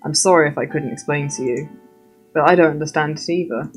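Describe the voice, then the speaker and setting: A man's voice: fairly high pitch, a little fast, soft background music, lightly acted. A woman reading the lines of a serious, secretive young man in a story game, earnest and hesitant. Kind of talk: reading game dialogue aloud.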